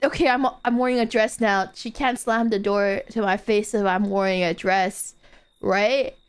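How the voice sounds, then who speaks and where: A woman streaming a game, playful, giggly and excitable, talking to her chat. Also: medium pitch, moderate pace, clear, resonant tone.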